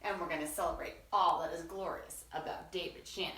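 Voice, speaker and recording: A woman hosting a children's story time, leading songs and call-and-response in an animated, sing-song way. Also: on the low side, brisk, distant mic. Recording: echoey room, voice away from mic.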